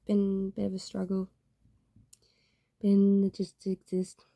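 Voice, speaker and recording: A woman's voice: medium pitch, completely flat delivery, a little slow, vocal fry, warm tone, no echo, studio quality. A young woman talking in a rambling, candid way, full of fillers, in a casual confessional vlog. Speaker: YouTuber.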